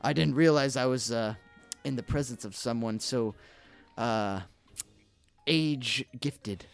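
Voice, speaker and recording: A sly adventurer in a hurry, as a man plays him, talking smoothly in a mid-range voice and sounding a little raised. He uses a close, plain tabletop-game delivery. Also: mid-range voice, takes it slowly, faint music behind. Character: brisk man adventurer shopping for poison.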